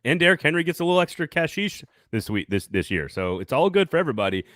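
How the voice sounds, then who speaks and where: A man's voice: fairly high pitch, big pitch swings, fast talker, fairly bright tone, no room sound, studio quality. A man co-hosting a casual sports talk show, joking, laughing often and reading sponsor ads. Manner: jokey, laughs often, hypes co-host. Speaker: sports radio co-host. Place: Nashville studio.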